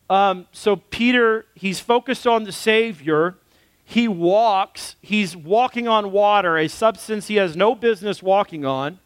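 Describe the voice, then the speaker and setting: A man preaching a sermon as pastor in a casual, animated way, acting out quotes as he goes. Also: high voice, clear, resonant tone, no echo.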